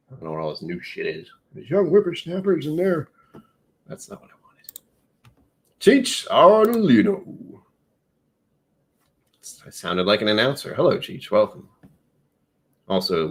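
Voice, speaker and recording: A man's voice: lowish voice, vocal fry, a bit bright. A man hosting a casual whiskey livestream, rambling and joking at his own expense. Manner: rambling, self-mocking, jokey. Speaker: live streamer.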